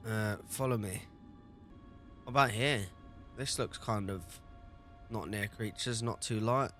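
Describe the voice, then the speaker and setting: A man giving relaxed, offhand commentary as he plays, talking through each step. His voice sits low, with a soft music track underneath. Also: unhurried, long pauses. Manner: casual, reads game dialogue aloud. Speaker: gaming video creator. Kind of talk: casual gameplay commentary.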